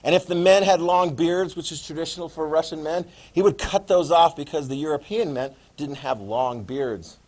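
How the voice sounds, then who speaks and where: A man in his fifties giving a classroom history lecture, lively and joking, acting out quotes. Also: on the high side, normal speed, hardly any pauses. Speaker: history teacher.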